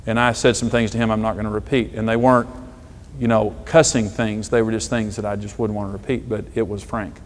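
A middle-aged man, a pastor, preaching a sermon with emphatic delivery and stories told with dramatic pauses. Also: lowish voice, flat delivery. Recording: long hall reverb.

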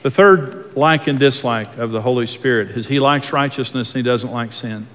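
A man's voice: mid-range voice, normal speed, fairly bright tone. A man pastor preaching a sermon in an earnest, folksy way, often repeating himself and restarting his words. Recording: long hall reverb.

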